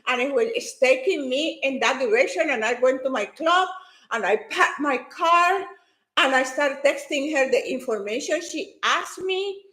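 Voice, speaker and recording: A high-pitched woman tells a personal story, so excited that she trips over her words and restarts sentences. Her voice rings out in an echoey room. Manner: animated, fast and excitable with restarts. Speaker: fitness and motivation speaker.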